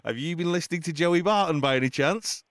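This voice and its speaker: A man's voice: a little high, fast talker, dry recording, clean studio sound. A man hosting a football radio show, presenting in a jokey way and laughing often with his guests. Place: radio studio.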